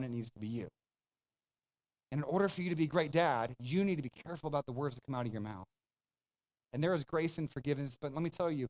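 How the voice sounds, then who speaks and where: A man's voice: medium pitch, darkish tone. A man pastor preaching a sermon, speaking emphatically and conversationally, addressing the congregation directly.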